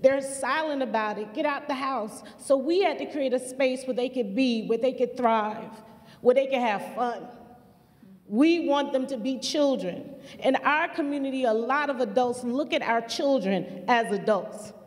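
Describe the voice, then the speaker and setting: A woman's voice: high voice, a little slow. A woman who leads a community center, giving impassioned public remarks with earnest, repetitive emphasis. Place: museum auditorium. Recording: long hall reverb.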